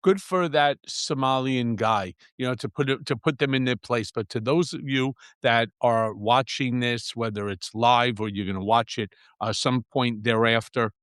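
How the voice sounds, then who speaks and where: A man's voice: medium pitch, moderate pace, hardly any pauses, smooth, dry recording, clean studio sound. A middle-aged man chatting as a guest on a political talk show, telling stories with lots of swearing and laughter. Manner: animated storyteller, swears freely, laughs at his own stories. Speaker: guest commentator. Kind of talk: casual political chat.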